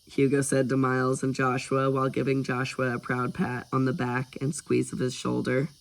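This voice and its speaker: A man reads a storybook chapter aloud with a gravelly edge to his voice. Between chapters he slips into animated, chatty asides. His pitch sits in a middle range. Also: normal speed, hardly any pauses, dry recording. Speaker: audiobook narrator. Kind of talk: storybook reading with casual asides.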